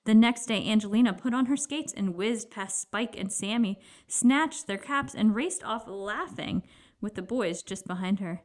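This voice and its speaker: Woman narrator for a children's read-aloud, expressive storyteller, mid pitch. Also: measured pace.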